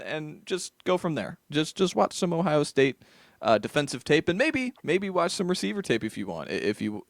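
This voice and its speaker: A man's voice: mid-range voice, no echo, studio quality. Casual man co-hosting a football podcast. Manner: loose, conversational, many restarts. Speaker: co-host. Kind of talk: casual chat.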